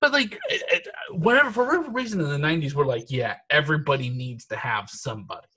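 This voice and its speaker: A podcast co-host with a slightly high, sharp voice talks at a quick pace, animated throughout. He chats casually and profanely while reviewing a movie, laughing and telling stories with plenty of energy.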